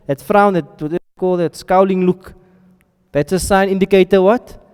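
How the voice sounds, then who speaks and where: A man's voice: high voice, fairly even intonation, normal speed, darkish tone, smooth. A man teaching a classroom lesson, often stopping to ask his students questions and check they are following. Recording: reverberant hall sound.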